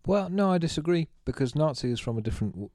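A man's voice: a little high, big pitch swings, fast, warm tone, no echo, studio quality. A man co-hosting a podcast, chatting in a rambling, self-mocking, jokey way. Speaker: podcast co-host. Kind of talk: casual chat.

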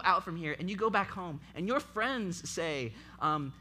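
Bright-voiced impassioned youth preacher. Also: medium pitch, expressive, measured pace, hardly any pauses, slight background noise. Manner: impassioned, repetitive exhortation. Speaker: youth event speaker. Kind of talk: sermon. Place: youth event.

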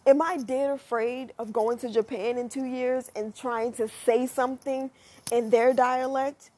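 This young American vlogger talks a little slowly, addressing the camera in a loose, chatty monologue. Her voice is high, airy and a bit husky, and she shifts between musing and lively asides, sometimes swearing.

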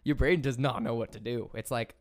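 A man's voice: mid-range voice, fairly even intonation, a little fast. Laid-back man. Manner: laid-back and chatty, says dude and man. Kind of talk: casual conversation.

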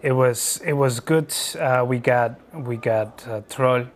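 A man's voice: medium pitch, slow. A man playing a tabletop game, speaking in short, plain replies. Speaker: player. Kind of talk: casual role-play.

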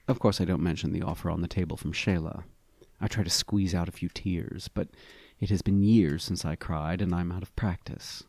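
A man reading a first-person story aloud with a wry, expressive delivery. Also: low voice, moderate pace, creaky, no room sound. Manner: expressive, wry, animated inflections. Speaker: narrator.

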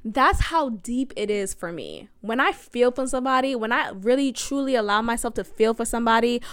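Young female podcast host, chatty storyteller who talks to her listeners, slightly high voice that is smooth and clear, recorded dry and close. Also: expressive, fairly quick, a bit bright, dry recording. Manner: chatty, addresses listeners as y'all, laughs often. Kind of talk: casual storytelling monologue.

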